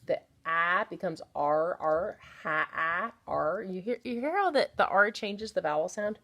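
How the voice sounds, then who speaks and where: A woman teaching a phonics lesson to young children, sounding out words slowly and chatting playfully between them. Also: fairly low pitch, lively intonation, creaky, pushed and bright. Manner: slow, drawn-out sounding of words. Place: home, at a small easel.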